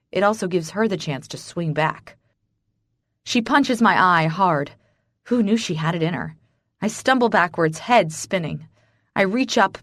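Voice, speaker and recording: A woman's voice: medium pitch, a bit bright, no echo. A woman narrating a first-person romance audiobook in a dramatic, emotionally charged way.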